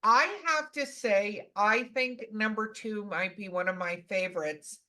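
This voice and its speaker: A woman co-hosting a podcast, telling stories in an animated, enthusiastic casual chat. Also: medium pitch, measured pace. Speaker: podcast co-host.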